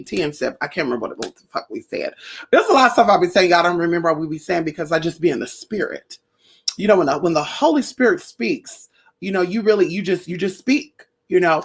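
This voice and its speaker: A chatty livestream host who talks straight to the viewers through a phone or webcam. The talk rambles and swears freely, with viewers called honey and darling. The voice sits at an ordinary middle pitch. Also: creaky, fairly bright tone. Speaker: spiritual practitioner and livestream host. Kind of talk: casual livestream chat with viewers.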